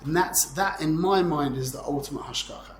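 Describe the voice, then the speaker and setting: A man's voice: a little high, brisk, reverberant, slight background noise. A man in his forties giving an informal Torah class, talking in a rambling, conversational way and often checking in with "yeah?". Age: 40s. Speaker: Torah teacher.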